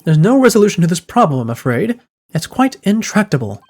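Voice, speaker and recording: A man reading aloud the lines of an eccentric, self-assured gentleman detective in a grandiose, wordy manner, with faint game music behind. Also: sits high, very animated, brisk. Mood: lofty.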